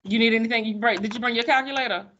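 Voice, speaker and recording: A woman's voice: fairly high pitch, fairly even intonation, rapid-fire, bright, forceful tone, highs cut off, slight background noise. A woman teaching a math class, sassy and playful with her students. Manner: sassy, playful, calls students sugar baby.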